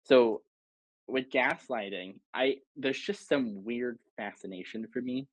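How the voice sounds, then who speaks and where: A man's voice: medium pitch, slow pace, no echo. A man as an interview guest, reflectively explaining his perspective in a casual conversation. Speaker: guest facilitator. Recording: dry, dull lo-fi sound.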